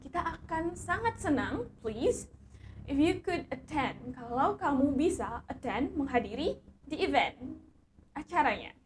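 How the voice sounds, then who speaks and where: High-voiced Indonesian woman teaching English. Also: slight background noise. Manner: switches between slow, careful English and quick Indonesian explanation. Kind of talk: bilingual English lesson.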